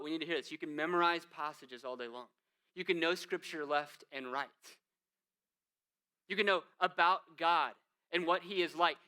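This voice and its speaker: A man's voice: a little high, pushed and bright, clear, resonant tone. A male lead pastor preaching a conversational sermon, full of rhetorical questions and emphatic asides.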